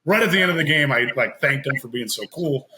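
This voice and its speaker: A man telling a long personal story in casual chat as a podcast guest, animated and laughing, acting out what others said. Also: medium pitch, fast, background noise. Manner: animated, laughing, acts out quoted voices.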